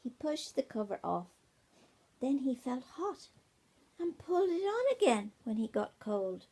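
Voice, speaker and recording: An older woman reads a bedtime story to her grandchildren at home from a tablet, speaking gently, often dropping to a whisper and pausing to ask the kids questions. Her husky voice sits high, swings widely in pitch, and moves at a measured pace. It's recorded on an iPad mini.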